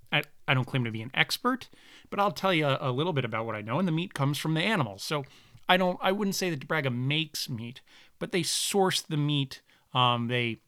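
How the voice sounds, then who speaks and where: Rambling, bright-voiced podcast host. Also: male voice, mid-range voice, no room sound, clean studio sound. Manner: rambling, self-correcting, jokey. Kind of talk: casual podcast ad read.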